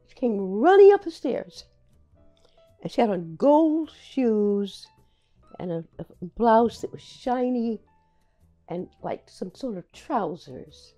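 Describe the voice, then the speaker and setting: Older woman, playwright, reflective storyteller: halting and full of repeats, fairly high and animated, mellow tone. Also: soft background music. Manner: halting, repeats words and restarts while remembering. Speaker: playwright recalling her career.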